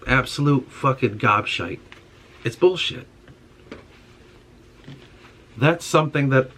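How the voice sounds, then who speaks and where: Man, young adult, casual rant, profane, frustrated, medium pitch. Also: fairly bright tone. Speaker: podcast host. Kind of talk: casual monologue.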